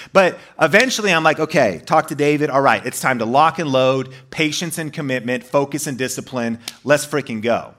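A man telling his own story to an audience in an animated, emphatic way, full of fillers and restarts. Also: medium pitch.

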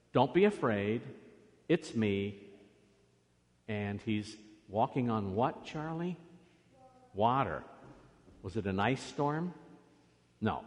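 A priest giving a children's sermon in a church, coaxing the children along with lively questions. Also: male voice, on the low side. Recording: long reverb of a church.

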